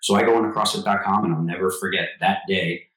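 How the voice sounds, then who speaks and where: A man in his forties, a former Marine officer, talking as an interview guest. He tells animated stories and acts out quotes. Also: sits low, fast talker. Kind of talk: casual storytelling interview. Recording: roomy echo.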